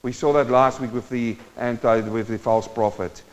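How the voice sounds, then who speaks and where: A male preacher giving a sermon, moving between quiet teaching and loud, impassioned exhortation and speaking straight to his listeners. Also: mid-range voice, steady tone, normal speed. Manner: addresses the congregation directly. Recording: dull sound with long hall reverb.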